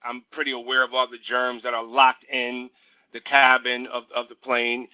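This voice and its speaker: A man from the United States, a musician guest, talking in a relaxed, easygoing way and often saying "you know". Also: mid-range voice, normal speed, dull audio. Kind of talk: casual interview chat.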